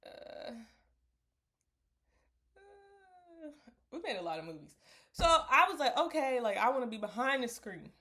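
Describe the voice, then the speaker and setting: Young woman, slightly high voice, rambling reflective vlog chat. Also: expressive, measured pace, long pauses, bright, forceful tone. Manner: rambling, reflective, laughs often. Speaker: vlogger. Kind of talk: casual talk to camera.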